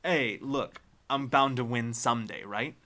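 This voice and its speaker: A man playing a bulky alien man in a tabletop game, an easygoing gambler who brushes off criticism. His delivery is breezy and defensive, with a bright tone. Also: mid-range voice, a little slow.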